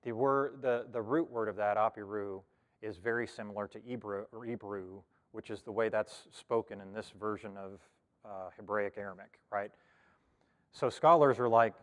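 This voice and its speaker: A man's voice: fairly low pitch, moderate pace, long reverb tail. A man from the Cherokee Nation in Oklahoma, teaching a casual scripture lesson in a church, talking it through with lots of ums and restarts. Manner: conversational, thinks aloud with many fillers and restarts. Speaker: Bible study teacher.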